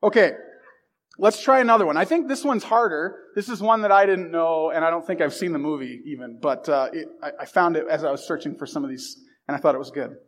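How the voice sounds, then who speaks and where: A man with a noticeably high voice talks to a roomful of listeners in an easygoing, chatty way. He pokes fun at himself and trips over his own starts, then keeps rolling. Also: fast. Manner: chatty and self-deprecating, with many restarts. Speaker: speaker addressing a group. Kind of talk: casual talk to a live audience. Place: room with a live audience.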